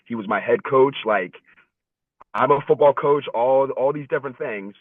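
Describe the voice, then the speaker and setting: A man's voice: medium pitch, normal speed, dry recording. A young man in his twenties telling a personal story as a guest speaker over a video call, earnest and conversational, repeating words and often asking "right?". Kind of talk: storytelling in a webinar talk. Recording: thin phone-line sound, dry.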